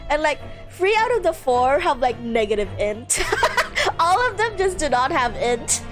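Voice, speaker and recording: A chatty woman streamer giggles and banters casually with her friends while she plays. Her voice is high and bouncy. Game music plays behind her. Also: big pitch swings, measured pace, fairly bright tone.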